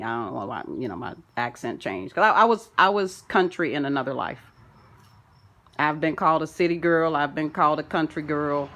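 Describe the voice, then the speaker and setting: A woman's voice: low-pitched, normal speed, a bit bright. A woman vlogging from home, rambling through a preachy spiritual monologue full of folksy sayings.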